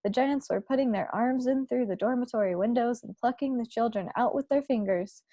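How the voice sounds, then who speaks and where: A woman's voice: a little high, fairly quick, warm tone, no echo, natural voice. A woman reading aloud, voicing a refined queen who exclaims in alarm. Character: distressed queen, dignified and commanding.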